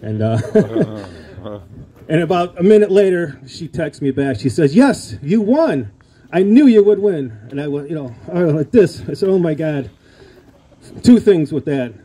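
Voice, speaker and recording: A man's voice: a little high, expressive, moderate pace, warm tone, slightly rough. A man telling a rambling, self-deprecating story in an acceptance speech at a hall of fame induction. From Illinois.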